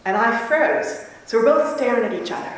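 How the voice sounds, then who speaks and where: A woman speaker tells a lively, laughing story to a conference audience. Her voice rings through a big echoey hall, picked up from a distance. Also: fairly high pitch, fairly quick, slight background noise. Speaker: convention speaker. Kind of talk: talk to a live audience.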